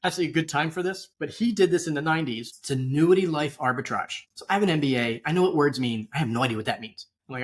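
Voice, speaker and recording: A man's voice: on the high side, animated, fast talker, few pauses. Chatty middle-aged man on a call. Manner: rambling, chatty asides and tangents. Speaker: guest, wealth manager. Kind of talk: casual storytelling interview.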